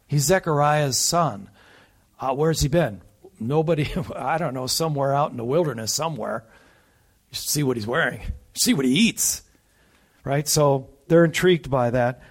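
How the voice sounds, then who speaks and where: A man delivers a conversational sermon, explaining scripture verse by verse. His voice sits a little high for a man. He leans hard on the key points and keeps checking in with his listeners through rhetorical questions. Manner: emphatic, with rhetorical asides to the listeners. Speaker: preacher teaching a Bible passage.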